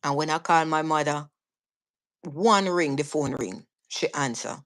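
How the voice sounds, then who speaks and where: A woman's voice: low-pitched, measured pace, a bit bright. A woman with a Jamaican accent, a guest telling her own story in casual talk, earnest and vivid, often restarting and repeating words. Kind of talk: casual storytelling on a live stream.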